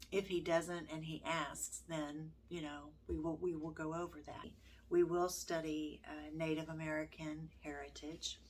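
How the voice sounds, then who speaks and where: An older woman talks slowly to her vlog viewers, taking her time. Her voice sits low. She sounds gentle and heartfelt, pausing often between phrases. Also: slight background noise. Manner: gentle, heartfelt, halting with many pauses. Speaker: homeschooling grandmother vlogger. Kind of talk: casual vlog talk.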